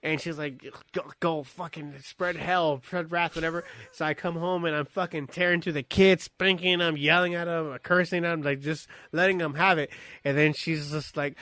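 A middle-aged man co-hosting a podcast, telling animated stories in casual, profane chat with bits of Spanish. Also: on the high side, normal speed, no echo. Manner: animated, laughing storyteller, mixes in Spanish. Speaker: podcast co-host.

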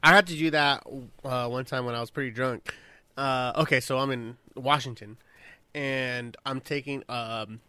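A man's voice: medium pitch, steady tone, normal speed, sharp tone, clean tone, no room sound. A young man from California telling a profane, laughing anecdote in a casual chat.

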